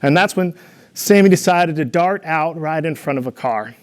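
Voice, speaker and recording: A man's voice: on the high side, moderate pace. A young man giving a devotional talk, telling playful stories with humor and an encouraging, earnest manner. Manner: storytelling with playful humor, animated in anecdotes.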